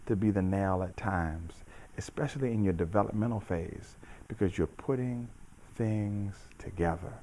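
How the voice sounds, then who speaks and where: A middle-aged man and judo coach giving a reflective motivational talk, measured and preacherly, repeating phrases for emphasis. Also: sits low, dark tone, slight background noise.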